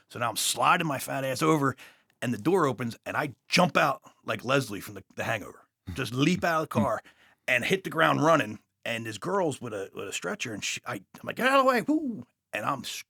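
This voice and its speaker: A man with a New York accent, a police officer telling his story as a guest in a blunt, profane, animated way. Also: medium pitch, vocal fry, dry recording, studio quality.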